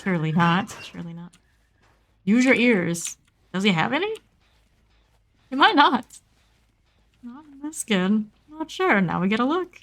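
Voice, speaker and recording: A woman's voice: a little high, measured pace, long pauses. Playful woman streamer talking to herself. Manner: chatty, playful self-talk with sudden excited squeals. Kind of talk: casual gameplay commentary.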